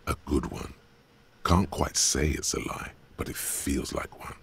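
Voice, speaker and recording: A man voicing the disembodied inner voice of a detective's mind in a game, measured and dry. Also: exaggerated voice. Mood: dry, knowing. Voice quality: deep, gravelly. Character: disembodied inner voice of the mind, male, wry and knowing. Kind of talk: game narration.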